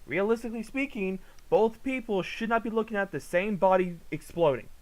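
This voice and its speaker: A man with a somewhat high voice gives casual reaction commentary. He rants in an exasperated, profane way. He swings between low mutters and loud outbursts. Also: brisk, slight background noise, low-quality recording. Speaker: commentary vlogger.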